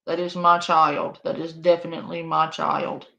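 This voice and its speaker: A woman's voice: low voice, level tone, normal speed, gravelly, sharp tone, lo-fi sound. A woman streamer giving casual live reaction commentary, amused and laughing often.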